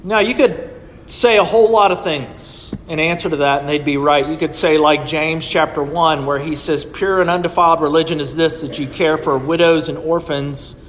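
High-voiced man preaching in an echoing church. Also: normal speed, slight background noise. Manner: conversational preaching with frequent "right?" asides. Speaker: pastor. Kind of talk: sermon. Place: church sanctuary.

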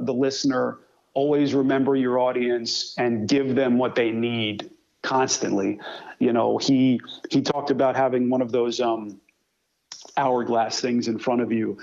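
Gravelly-voiced man telling stories. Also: mid-range voice, highs cut off. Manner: animated storyteller who imitates his old mentor. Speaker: sportscaster guest. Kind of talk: conversational interview storytelling.

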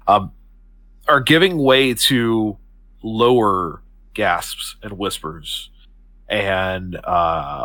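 A man's voice: on the low side, bright, forceful tone, breathy edge. A man narrating as game master of a tabletop game, with a hesitant, filler-heavy delivery.

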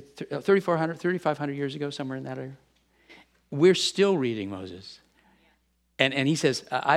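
A middle-aged man preaching a sermon, who repeats and restarts his words and rises now and then into loud bursts. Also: mid-range voice. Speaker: pastor.

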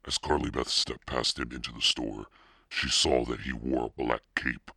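Very deep, gravelly male storyteller. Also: steady tone, moderate pace, pushed and bright, no echo, clean studio sound. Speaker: audiobook narrator. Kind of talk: storybook narration.

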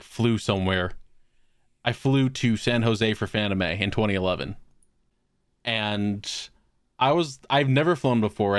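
A man's voice: lowish voice, no echo, clean studio sound. A man telling a story on a podcast, laughing often and swearing as he goes. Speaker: podcast co-host. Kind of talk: casual storytelling chat.

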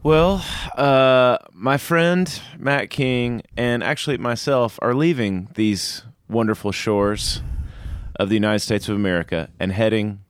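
A man talking casually as a podcast guest, halting and hesitant, restarting his sentences. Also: mid-range voice, clean tone, no echo, clean studio sound. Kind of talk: casual comedic chat.

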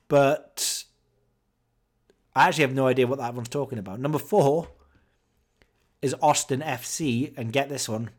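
A man's voice: medium pitch, normal speed. Sarcastic man singing football chants. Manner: sarcastic, mock-solemn, breaks into sung chants. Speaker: podcast host. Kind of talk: casual podcast chat.

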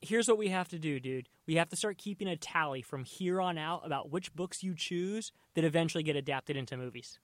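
A man's voice: fairly high pitch, fairly quick, few pauses, no room sound. A man co-hosting a podcast in casual chat, blunt and emphatic, often repeating himself. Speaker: podcast co-host.

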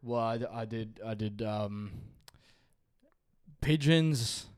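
A man's voice: lowish voice, takes it slowly, a little mellow, clean tone. A young Australian man co-hosting a podcast, joking, playful and laughing often, sometimes trailing off into mumbles. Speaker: podcast co-host. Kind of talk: casual chat.

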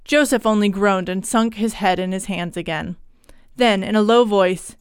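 Clear, close woman storyteller. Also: medium pitch, moderate pace, no echo. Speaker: audiobook narrator. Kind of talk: scripted storytelling narration.

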